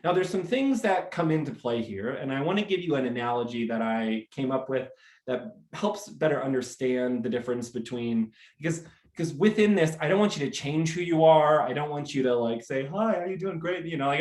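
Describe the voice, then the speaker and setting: An American man hosting a motivational live talk, energetic and animated, acting out little scenes as he speaks. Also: medium pitch, fairly quick, reverberant. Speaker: host.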